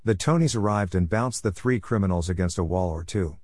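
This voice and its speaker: A man's voice: deep voice, brisk, a little mellow, no room sound, clean studio sound. A man narrating a story for a podcast with wry, humorous asides.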